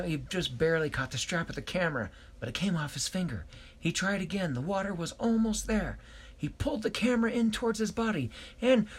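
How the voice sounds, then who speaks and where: Man, storyteller, improvised, hesitant, animated pitch. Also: husky. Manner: hesitant, self-correcting.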